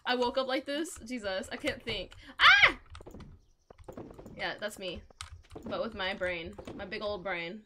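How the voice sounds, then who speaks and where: A woman's voice: medium pitch, moderate pace, very noisy. A young woman streaming a game, chatting to viewers in a giggly, rambling way and telling stories. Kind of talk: casual live-stream chat while gaming.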